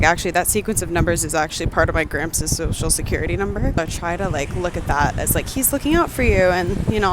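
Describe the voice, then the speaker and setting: A young woman vlogging outdoors, nervously chatty and self-aware, leaning on "like" and "literally" as she talks through her anxiety. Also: lowish voice. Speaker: vlogger doing exposure therapy. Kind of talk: casual vlog talk to camera. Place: outdoors on a city street and in a graveyard. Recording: outdoor street noise with traffic.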